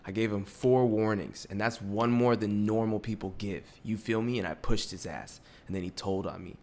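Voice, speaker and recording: A man in his twenties hosting a podcast in casual, profane chat. He gets excitable, laughs often and swings between loud bursts and low mutters. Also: normal speed. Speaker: podcast host.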